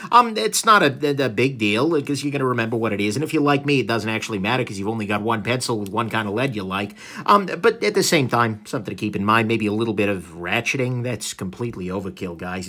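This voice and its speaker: A man's voice: medium pitch, bright, forceful tone. A man giving a casual product review, enthusiastic and rambling, full of fillers, restarts and wry asides. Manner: wry self-deprecating asides.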